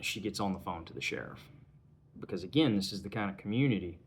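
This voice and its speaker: A man's voice: low-pitched, expressive, fast, a little hiss or hum. A man giving a casual spoken film review, retelling scenes in a conversational way. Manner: retells scenes conversationally, acting out lines in passing.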